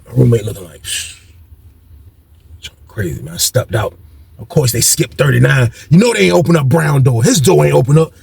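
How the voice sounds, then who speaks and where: A young man casually telling a story from his own life, slangy and animated, acting out the voices of the people in it. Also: medium pitch, creaky, breathy edge, no room sound. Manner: animated, slangy, acts out quotes.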